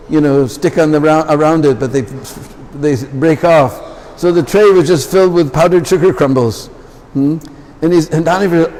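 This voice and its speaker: A visiting lecturer with a fairly high, darkish voice gives an anecdote-rich talk in a large temple hall, making chatty asides to those listening. Long hall reverb surrounds the recording.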